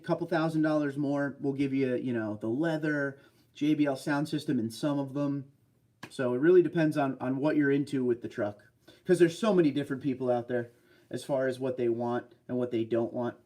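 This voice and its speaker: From a desk chair at home, a man hosts a casual livestream, chatting as he reads viewer comments aloud and responds. His voice is medium in pitch with a darkish tone.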